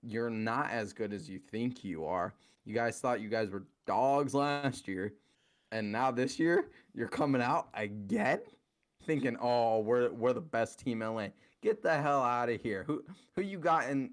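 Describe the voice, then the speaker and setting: A man's voice: mid-range voice, expressive, unhurried. A man co-hosting a casual podcast, ranting in a heated, profane way about basketball teams. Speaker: podcast co-host. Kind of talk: casual sports chat.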